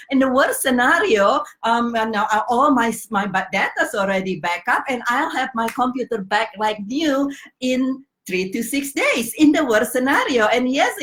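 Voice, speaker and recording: Animated high-voiced woman telling a story. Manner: animated, laughs often, acts out dialogue. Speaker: life coach vlogger. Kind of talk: casual storytelling vlog.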